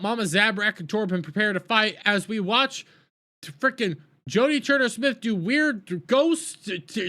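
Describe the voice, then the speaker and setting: A man with a high, bright voice rants through an episode recap. He gets exasperated and stumbles over his words, restarting sentences as he goes. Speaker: TV show reviewer.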